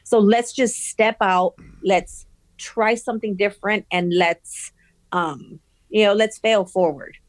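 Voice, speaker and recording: A woman's voice: mid-range voice, takes it slowly. A woman school principal answering in a podcast interview, earnest and encouraging. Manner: earnest and encouraging, many fillers.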